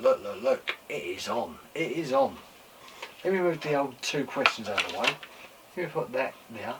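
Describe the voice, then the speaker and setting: A man hosting his own toy collecting show, chatting casually and excitedly, repeating exclamations, swearing freely and losing his voice a bit. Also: mid-range voice, distant mic. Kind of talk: casual show-and-tell chat. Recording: mic set back from speaker, faint room noise.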